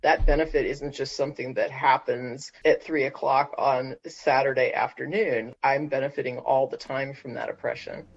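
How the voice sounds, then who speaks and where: A man hosting a panel podcast, explaining his point in a measured, conversational way. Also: medium pitch, fairly even intonation, creaky. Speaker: podcast host. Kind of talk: casual panel discussion. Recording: dull lo-fi sound.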